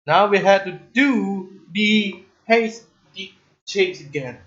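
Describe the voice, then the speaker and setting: Excitable streamer cursing at a racing game. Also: male voice, high voice, slow pace. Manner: excitable, swears often, groans and complains at the game. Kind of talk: livestream gaming commentary. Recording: slightly dull lo-fi stream audio, faint game music behind.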